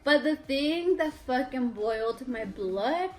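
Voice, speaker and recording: A woman's voice: sits high, animated, slow pace, poor audio. A young woman from Mexico with a Mexican accent, telling a story casually on a vlog, blunt and indignant and swearing freely. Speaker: vlogger. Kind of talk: casual storytelling during a mukbang.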